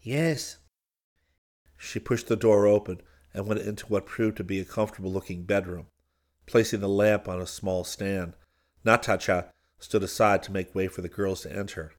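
A man reading a story aloud as an audiobook narrator, in a measured, even storytelling manner. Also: sits low. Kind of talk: scripted narration.

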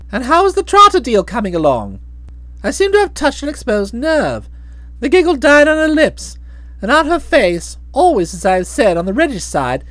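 A woman narrating a comic novel for an audiobook, playful and full of expression. Her voice sits high and moves all over the place, and the recording is close and dry. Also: no echo.

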